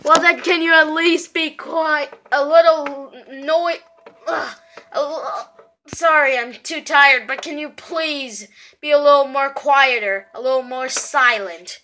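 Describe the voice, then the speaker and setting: A woman voicing a grumpy, sleepy neighbor who shouts slowly for quiet in a homemade plush toy skit. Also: sits high, a little hiss or hum, full character voice.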